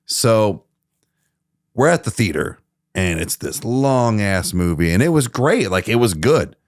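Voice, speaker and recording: Animated young man telling a story. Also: on the low side, measured pace, no echo, studio quality. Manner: animated storyteller, swears freely, acts out his own outbursts. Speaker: podcast co-host. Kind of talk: casual chat.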